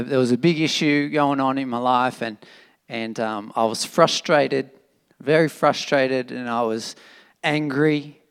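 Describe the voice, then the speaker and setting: A man preaching a sermon in an animated, emphatic, conversational way, with fillers and restarts. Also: mid-range voice, creaky, smooth. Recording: long reverb of a hall.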